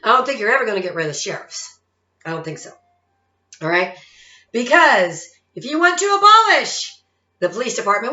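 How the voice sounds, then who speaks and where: Lady in her 50s ranting to camera, swoopy bright voice, keeps going okay? all right?, roomy muffled audio. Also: high voice. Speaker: psychic-medium vlogger. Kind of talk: casual monologue rant. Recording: roomy, dull lo-fi sound.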